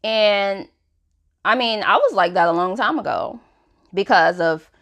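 A woman's voice: medium pitch, animated, measured pace, fairly bright tone. Female podcast host, candid conversational self-help delivery, loose and chatty. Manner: chatty, frank, many "you know" fillers. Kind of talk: casual self-help talk.

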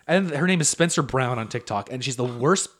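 A man co-hosting a comedy podcast, riffing casually with heavy swearing and quick mock voices. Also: medium pitch, expressive. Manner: profane, fast-riffing, slipping into mock voices. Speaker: podcast co-host.

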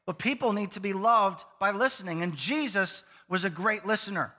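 A man preaching a sermon as pastor of a church, lively and conversational, with playful asides to the congregation. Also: high voice, normal speed. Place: church sanctuary. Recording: long reverb of a church hall.

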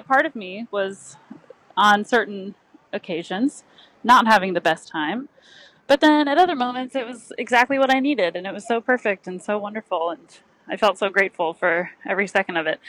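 A woman's voice: medium pitch, fairly bright tone, no room sound, rough recording. A woman chatting casually as a podcast co-host, laughing often. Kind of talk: casual chat.

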